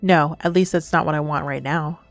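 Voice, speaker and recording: A young adult woman streaming a game, reading its text aloud between excitable, crude, giggly banter. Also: low voice, brisk, soft background music.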